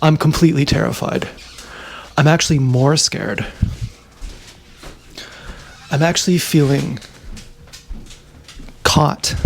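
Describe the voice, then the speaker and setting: A man's voice: a little high, vocal fry, a little hiss or hum. A man vlogging at home, musing aloud in a meandering casual monologue and breaking off to talk to his dogs.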